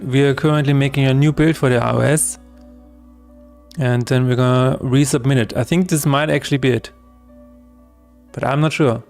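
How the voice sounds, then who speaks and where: A man's voice: mid-range voice, fairly even intonation, normal speed, creaky, long pauses, darkish tone, faint music behind. A man streaming his game development work, talking through each step aloud in a chatty, self-correcting way. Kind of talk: live-streamed coding chat.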